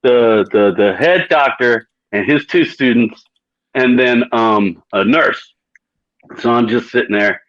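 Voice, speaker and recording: A man's voice: mid-range voice, slow, dry recording, lo-fi sound. A man hosting a podcast, telling a long crude story casually, swearing and laughing often. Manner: profane, laughing, animated storyteller. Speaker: podcast host.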